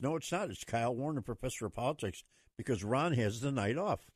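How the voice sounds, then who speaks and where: Folksy talk radio host, dry sound. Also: male voice, mid-range voice, fast, no room sound. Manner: folksy, emphatic, rambling.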